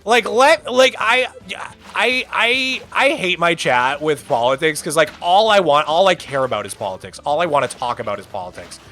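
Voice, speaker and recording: Animated, high-pitched rambling streamer man. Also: normal speed, soft background music. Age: 30s. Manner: rambling, animated, full of "like" fillers. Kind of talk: casual chat on a live game stream.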